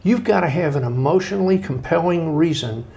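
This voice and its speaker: A man's voice: fairly high pitch, brisk, creaky. A middle-aged man, a guest author telling folksy stories in a conversational interview, acting out the voices of people he quotes. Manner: folksy, animated storytelling with acted-out quotes.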